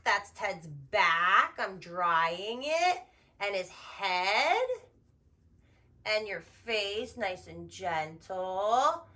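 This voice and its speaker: A woman teaching toddlers in a gentle, encouraging voice, talking slowly and repetitively in a sing-song way. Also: mid-range voice. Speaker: early childhood educator. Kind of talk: toddler teaching video narration.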